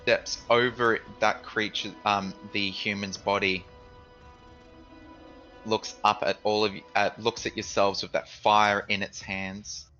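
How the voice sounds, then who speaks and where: Deep-voiced man running a tabletop game. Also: level tone, slow, pushed and bright, highs cut off, soft background music. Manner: casual, loose narration with fillers and swearing. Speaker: dungeon master.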